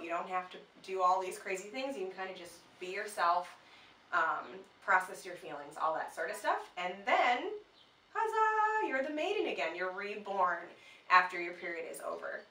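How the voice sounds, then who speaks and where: A woman's voice: mid-range voice, pushed and bright. A woman co-hosting a casual chat, talking loosely with lots of fillers. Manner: chatty, uses many fillers. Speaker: co-host. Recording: echoey room, mic at a distance.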